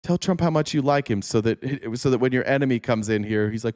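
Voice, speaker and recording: A man hosting a casual political talk show, ranting at an ordinary mid pitch with sarcastic, profane energy. He jumps between reading chat comments and fired-up commentary, pitch swinging high when he gets worked up. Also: fairly quick, darkish tone.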